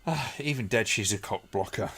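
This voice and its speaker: A man's voice: lowish voice, animated, normal speed, vocal fry, fairly bright tone, husky. A man chatting casually and laughing often while commenting on a film with a friend. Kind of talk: casual watch-along commentary.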